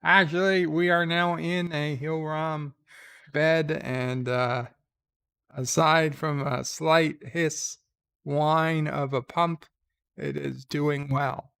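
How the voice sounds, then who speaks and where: A man with a higher voice hosts a casual live stream from his bed, reading chat aloud. He drawls through it with lots of pauses and fillers, a gravelly rasp under his voice, and makes wry, offhand asides. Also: level tone, fairly bright tone. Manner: slow, halting, with many pauses and fillers; wry and irreverent. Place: lying in a bed.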